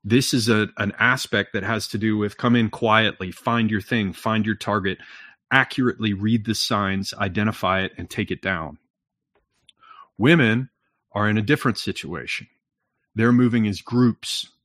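A lowish male voice in casual chat, blunt and profane, building his point with a steady string of "right?"s. The recording is dry and close, with no room sound. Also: normal speed, no echo. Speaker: podcast talker.

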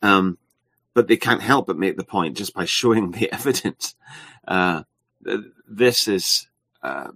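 A man hosting a casual conversation, rambling and hesitant in a relaxed way. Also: low-pitched, unhurried, breathy edge, no room sound, clean studio sound.

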